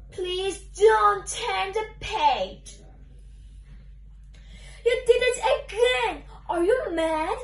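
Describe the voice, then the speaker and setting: A woman's voice: extremely high pitch, a little mellow, distant mic, exaggerated voice. A woman reading a picture book aloud, voicing a desperate, whiny storybook character who pleads and sobs dramatically. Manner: dramatic pleading, sobbing and bargaining. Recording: roomy echo, away from mic.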